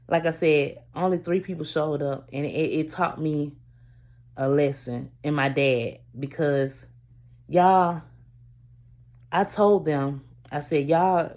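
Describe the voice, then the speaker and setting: Slow, gravelly-voiced woman vlogger. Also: deep voice, darkish tone. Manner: rambling, halting, addresses viewers as y'all; restarts and trails off. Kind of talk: casual personal storytelling to camera.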